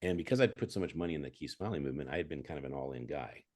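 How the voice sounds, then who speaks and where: Very deep-voiced male guest, calm. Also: very fast. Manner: earnest, anecdotal, self-assured. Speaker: guest entrepreneur. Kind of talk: conversational interview.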